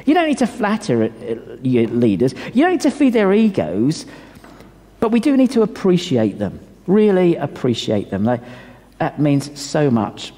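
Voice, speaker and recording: A male pastor delivering a sermon in a church hall, emphatic and animated, with asides to the congregation. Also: a little high, measured pace.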